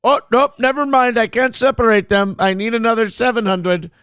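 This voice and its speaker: A greedy con man hawking tickets in sugary, fake-friendly patter, as a man puts him on. The voice is pushed up high and sounds dry and close, with no room around it. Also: steady tone, normal speed, a bit bright, clean tone, dry recording. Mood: wheedling. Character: oily male online ticket scammer, smooth and greedy.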